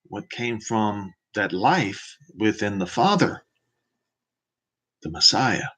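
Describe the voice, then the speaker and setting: A man's voice: on the low side, expressive, takes it slowly, fairly bright tone. A man teaching scripture in a preaching manner, emphatic and fond of rhetorical questions to the listener. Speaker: Bible teacher. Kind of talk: preaching Bible commentary.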